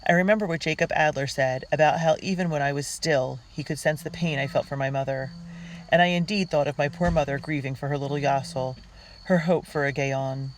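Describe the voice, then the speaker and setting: A man's voice: on the high side, steady tone, fairly quick, slight background noise, low-quality recording. Earnest reader narrating a girl's diary. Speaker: audiobook reader.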